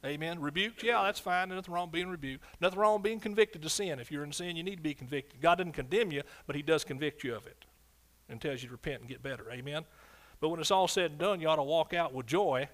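A man preaching a sermon as pastor, swinging between loud declarations and quiet asides, often calling out for an amen. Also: fairly high pitch, fast.

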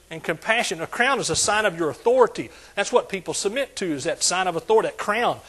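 A man preaching a sermon to a congregation, asking them questions and building to loud exclamations. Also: high-pitched, lively intonation, fast, few pauses, breathy edge. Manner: preaching with call-and-response, rising to shouts. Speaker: pastor.

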